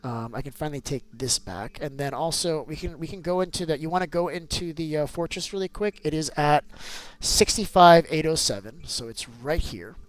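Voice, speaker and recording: A man hosting a casual gameplay video, animated and teasing, who keeps calling his child "bud" and breaks into loud bursts of excitement. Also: fairly high pitch, moderate pace, few pauses. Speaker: gaming channel host and father.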